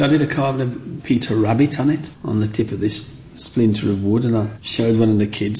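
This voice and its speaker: A man tells stories from his boyhood. His voice is gravelly and creaky at a middling pitch, and he bursts into the excited voices of children when he quotes them. A faint noise runs underneath the recording. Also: fast talker, hardly any pauses. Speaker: interviewee. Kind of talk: reminiscing storytelling.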